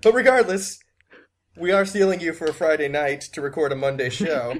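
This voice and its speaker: A man's voice: on the high side, fairly quick. Hammy American man hosting a podcast. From USA. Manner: playful, hammy and self-mocking. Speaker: podcast host. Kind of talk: casual podcast chat.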